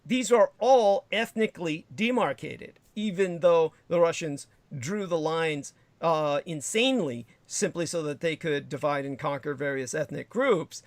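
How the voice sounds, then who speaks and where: Guy ranting on a livestream, kinda high voice, dry close sound, goes off on tangents and swears. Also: animated, a little slow, few pauses, dry recording. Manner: digressive, emphatic, profane asides. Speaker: livestream host. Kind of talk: rambling political monologue.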